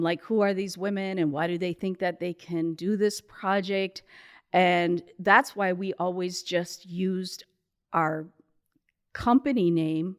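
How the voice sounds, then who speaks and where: An older woman from the United States answers interview questions in a measured, explanatory way. Her voice is smooth and clear, pitched somewhat low. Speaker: interview guest.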